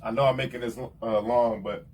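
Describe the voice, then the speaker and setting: A man, a rapper hosting his own show, giving heartfelt, rambling shout-outs in casual slang and often adding "you know what I'm saying". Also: mid-range voice, fairly even intonation, moderate pace, recorded from a distance, a little hiss or hum.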